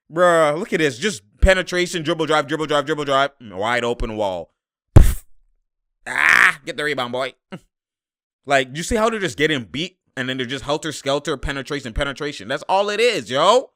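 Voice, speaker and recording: A young man reacts live to a basketball game. He sounds exasperated and slangy, and he laughs and shouts at the plays. His voice is bright and forceful, pitched a little high. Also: expressive, moderate pace. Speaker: sports commentator reacting to a game.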